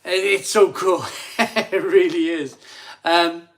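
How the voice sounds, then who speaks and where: A middle-aged man's voice sits high and slightly bright, slow and fairly even in intonation. Hosting a casual live stream after a few beers, he reads viewer comments, chatty and self-mocking, laughing and rambling with restarts.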